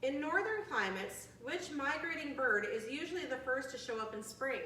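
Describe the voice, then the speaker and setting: A woman in her forties leading a bird trivia quiz for seniors, chatty and friendly, reading questions out slowly. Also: high voice, lively intonation, sharp tone, slight background noise. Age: 40s. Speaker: activity leader. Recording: echoey room, from a distant mic.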